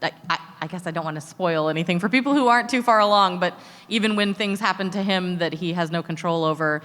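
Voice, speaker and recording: A woman's voice: fairly low pitch, fast talker, a bit bright, in a large hall. A woman, a voice actor and dub director, answering thoughtfully and earnestly on a panel.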